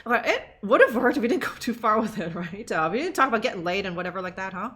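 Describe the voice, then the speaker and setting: Lively, laughing woman streamer. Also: medium pitch, fast talker. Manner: laughing, sarcastic, swears, chatty. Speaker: streamer playing a game. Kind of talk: casual game commentary.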